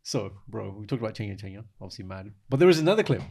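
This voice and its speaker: A man's voice: fairly low pitch, sing-song, very fast, vocal fry, a little mellow. A British man co-hosting a podcast, chatting casually and playfully, dropping into other languages and voices. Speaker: podcast co-host.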